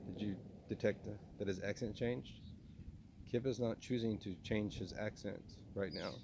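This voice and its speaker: A man's voice: fairly low pitch, normal speed, noisy background. A man with a slight Texan accent talking in a rambling spoken video journal, referring to himself in the third person, with frequent restarts and stammers. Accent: slight Southern US (Texan).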